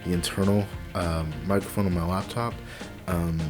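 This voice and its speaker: A young man quietly commenting on a truck driving game at home at night, rambling with lots of fillers and restarts on a cheap desk microphone. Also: deep voice, steady tone, moderate pace, over music. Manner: hushed, quiet talking to avoid waking family. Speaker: let's play gamer. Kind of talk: casual gameplay commentary.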